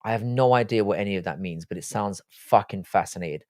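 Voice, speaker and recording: A lowish-voiced man with a London accent hosts a casual live stream, reading out viewer comments one by one. He answers bluntly, with dry asides. The sound is dry and close to the mic. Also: a little fast, a little mellow, dry recording. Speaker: livestream host reading chat.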